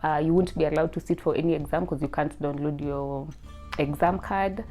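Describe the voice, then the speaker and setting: A young woman, casually telling her personal faith testimony in a chatty, lively way. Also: low-pitched, normal speed, soft background music. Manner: chatty, lots of "like", lively, rising to loud excited bursts. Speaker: student sharing her testimony.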